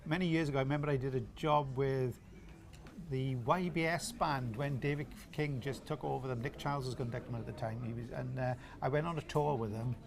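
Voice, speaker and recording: A man's voice: mid-range voice, steady tone, brisk, gravelly, crowd noise. A man commentating in casual chat, chatty and anecdotal with a jokey streak.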